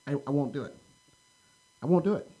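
A man's voice: a little high, a little fast, rough recording. An American man telling a rambling story in casual podcast chat, full of "like" and "right?" fillers. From United States. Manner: animated anecdote-telling, heavy "like" and "right?" fillers.

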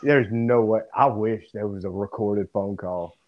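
A man hosting a casual sports podcast, telling stories in a profane, laughing, animated way. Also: on the low side, a little slow, lo-fi sound. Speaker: podcast host.

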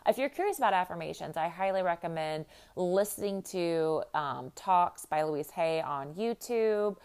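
A woman's voice: sits low, darkish tone. A middle-aged woman from the American Midwest, hosting and talking casually to her listeners as a life coach, in a chatty, upbeat way full of "like" and "you know.". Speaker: podcast host and life coach.

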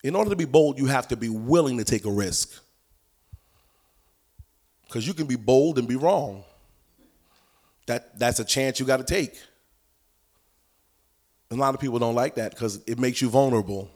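A man teaching a prophetic training session in an animated, folksy preaching style, with punchy repetition and sudden sung or shouted phrases. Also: medium pitch, moderate pace, long pauses. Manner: folksy colloquial delivery. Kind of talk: teaching sermon.

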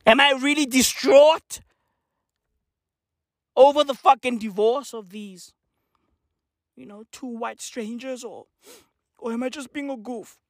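A man's voice: very high voice, slow, pauses often, no echo, clean studio sound. A man delivering a satirical rant to camera, slangy and profane, with mock-serious rhetorical questions. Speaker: comedic commentator.

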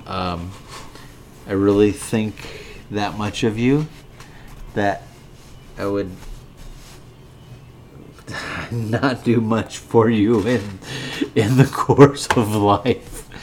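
A man's voice: on the low side, fairly even intonation, very slow, long pauses, darkish tone, a little hiss or hum. A drunk man hosting a podcast, rambling and swearing as he bickers with a co-host. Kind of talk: casual drunken rant.

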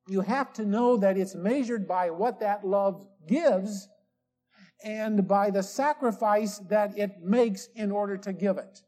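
An older man preaching a sermon, slow and emphatic, drawing out the key words. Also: high-pitched, expressive, mellow. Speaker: pastor. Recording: old sermon tape recording.

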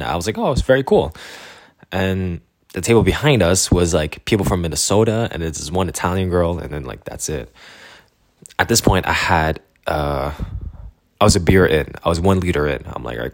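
A man's voice: low voice, no room sound, studio quality. A young man from Canada telling a rambling travel story in casual chat, laughing often and acting out the people he quotes.

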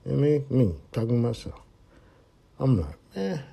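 A man hosting a podcast, telling a story in a profane, animated way and acting out his own thoughts. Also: medium pitch, fairly quick, gravelly, breathy edge. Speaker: podcast host. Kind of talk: casual storytelling monologue.

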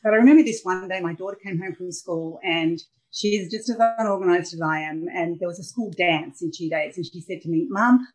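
Brief: middle-aged Australian woman, lowish voice, candid and animated, interview guest. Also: fairly quick, hardly any pauses, rough recording. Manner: candid, animated storyteller who acts out scenes. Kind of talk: personal storytelling in a podcast interview.

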